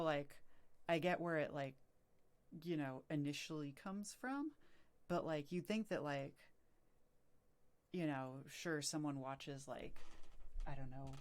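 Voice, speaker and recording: Low-voiced woman rambling on stream. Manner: rambling, many fillers and restarts, swearing. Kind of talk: casual rambling stream chat.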